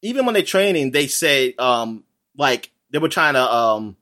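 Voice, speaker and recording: Animated man rambling in casual chat. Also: medium pitch, normal speed. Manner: animated, rambling, frequent fillers and laughs.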